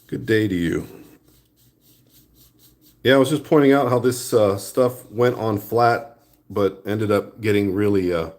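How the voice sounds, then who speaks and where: Man, lowish voice, casual art vlog, rambling while sculpting, relaxed. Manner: relaxed, rambling talk while working with hands. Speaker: art vlogger. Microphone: new phone.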